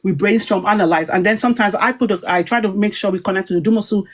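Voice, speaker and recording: A woman's voice: medium pitch, fast. A woman talking heatedly on a livestream, emphatic and rambling as she goes. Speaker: online commentator.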